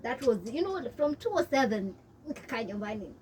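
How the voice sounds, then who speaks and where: A young Kenyan woman with a Kenyan accent, telling her story in an interview and mixing English and Swahili in an animated way. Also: fairly high pitch, a little fast, distant mic, a little hiss or hum. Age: young adult. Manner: switches between English and Swahili, animated, laughs often. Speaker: interview guest.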